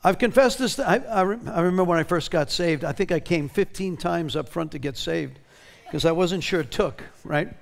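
A male pastor preaching with a gravelly, creaky edge in a slightly higher voice. He swings between emphatic bursts and quieter passages as he reads scripture aloud. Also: moderate pace, few pauses. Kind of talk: sermon.

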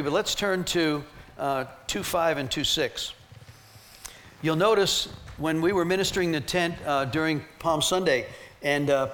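A man teaching a ministry team and carrying his points through lively, emphatic stories. His voice sits a little high for a man. A faint background noise runs under his talk. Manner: animated, emphatic storytelling with laughs.

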